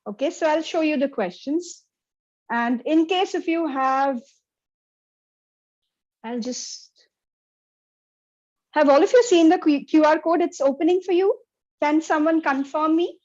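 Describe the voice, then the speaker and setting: A woman gives an interactive lecture over a video call, her voice sitting a little high. She keeps turning to her listeners with questions. The call audio sounds dull and lo-fi. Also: measured pace, pauses often, a little mellow. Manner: interactive, checks in with the audience often. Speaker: workshop presenter. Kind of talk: online lecture.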